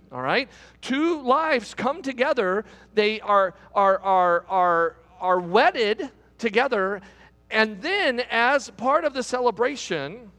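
Animated high-voiced pastor in a reverberant hall. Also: male voice. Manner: animated storytelling, repeating words as he goes. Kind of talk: sermon. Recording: long reverb of a large hall.

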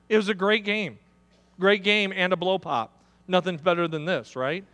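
A middle-aged man preaching a sermon, telling a story and calling on his listeners directly, often rising into loud, high preaching. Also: fairly even intonation, a little slow, big-room sound. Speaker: pastor.

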